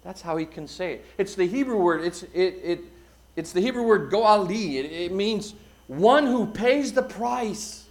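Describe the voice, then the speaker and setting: A middle-aged man preaches from the pulpit in a fairly high voice. He pushes phrases out with force, then lets them sink to a near hush. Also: unhurried. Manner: expressive preaching, swelling loud then dropping quiet. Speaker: pastor. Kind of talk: sermon.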